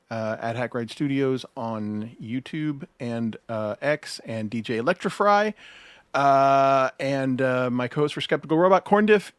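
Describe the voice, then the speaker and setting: A man guest-hosting a casual livestream chat, reading out viewer donations, laughing often, swearing and filling pauses with "uh". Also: medium pitch, clean tone, no echo.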